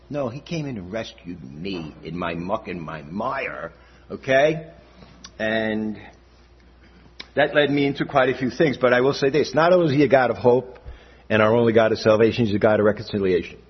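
An older man gives his testimony at a church gathering, speaking conversationally and often asking "all right?" His medium-pitched voice is expressive, slightly quick, and breathy, captured on a dull lo-fi recording.

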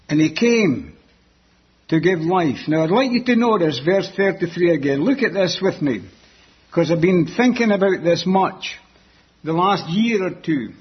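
A man preaching a sermon, slow and emphatic, repeating key phrases, on a dull lo-fi recording. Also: high voice, slightly rough.

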